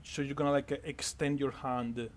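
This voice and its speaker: Man, game master, casual unhurried narration, average pitch. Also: little pitch movement, a loud crowd.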